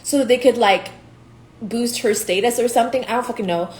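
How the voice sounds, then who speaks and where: A young Nigerian woman, her voice a little high and a little fast, delivers a casual spiritual monologue as a tarot reader. She's blunt and profane and laughs often. The room is echoey, with a faint hiss.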